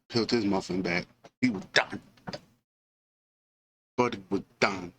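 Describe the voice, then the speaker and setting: Man, movie reviewer, casual retelling, animated asides, lots of fillers, slow delivery. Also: fairly low pitch, vocal fry, slight background noise, poor audio. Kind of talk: casual retelling of a film scene.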